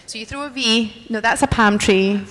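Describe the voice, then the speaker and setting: A woman's voice: on the high side, normal speed, fairly bright tone. A woman at a convention, playfully coaching a crowd through a silly dance and laughing as she talks. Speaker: convention guest leading a dance. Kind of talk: lively live-audience banter. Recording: long hall reverb.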